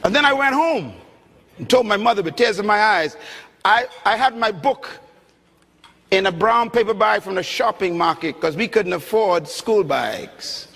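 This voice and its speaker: A preacher with a very high, bright, forceful voice delivers an emphatic sermon, dropping low and rising loud for effect. He is a middle-aged man from the Bahamas. His voice rings with a long reverb through a large hall. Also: expressive, moderate pace, gravelly. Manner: emphatic, dramatic swings between loud and soft.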